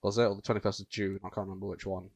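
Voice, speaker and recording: Low-voiced man, 18, swearing. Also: level tone, racing, darkish tone, muffled recording. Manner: swears often, laughs at himself. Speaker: podcast co-host. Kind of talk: casual chat.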